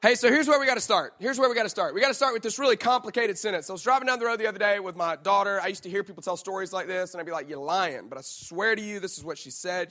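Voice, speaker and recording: High-voiced joking pastor. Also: male voice, bright, forceful tone. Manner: playful, joking preacher who talks straight to the crowd. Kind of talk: sermon.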